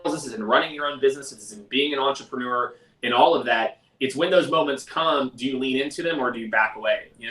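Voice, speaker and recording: A man hosting a live sales question-and-answer stream in a casual, energetic, conversational way. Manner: energetic, conversational, mimics others in a high voice. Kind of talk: casual livestream talk. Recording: roomy echo, mic at a distance.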